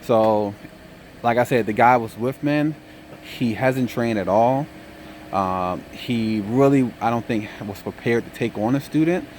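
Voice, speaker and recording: A tired young man telling a story in a casual vlog update, relaxed, saying "man" a lot. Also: mid-range voice, a little slow, slight background noise. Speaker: trucking vlogger.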